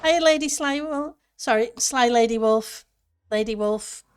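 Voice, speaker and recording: A woman's voice: fairly high pitch, measured pace, smooth. A woman streamer chatting casually with her viewers and answering chat while she plays a building game. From northern part of her country.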